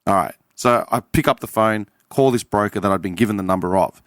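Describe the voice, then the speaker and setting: A man's voice: on the low side, fairly quick, no echo, clean studio sound. A man with an Australian accent telling a casual story on a podcast panel, acting out the other people's lines as he goes. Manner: animated storyteller acting out quoted dialogue.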